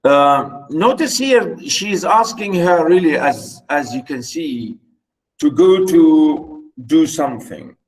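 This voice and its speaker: A man's voice: fairly high pitch, lively intonation, takes it slowly, soft background music, rough recording. A man lecturing on a novel, explaining passages and repeating his points with many fillers. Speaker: literature lecturer.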